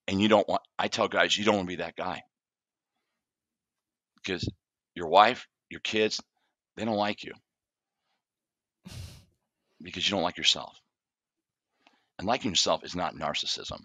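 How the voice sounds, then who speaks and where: A man's voice: low voice, moderate pace, long pauses, husky, no room sound. A middle-aged man, a therapist guest on a podcast, telling stories from his practice and acting out what his clients say. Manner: animated storyteller, acts out client dialogue. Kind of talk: conversational podcast interview.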